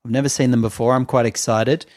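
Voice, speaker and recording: A man's voice: medium pitch, fast, no echo, clean studio sound. A man from Australia co-hosting a comedy podcast, joking and laughing often in casual chat. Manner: jokey, animated, laughs often. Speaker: podcast co-host. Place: Melbourne.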